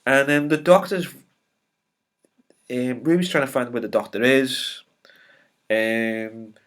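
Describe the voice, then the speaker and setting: A man's voice: medium pitch, fairly even intonation, takes it slowly, fairly bright tone. Rambling, opinionated male TV reviewer. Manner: rambling, with many filler ums and restarts; opinionated and exasperated. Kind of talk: casual spoiler review.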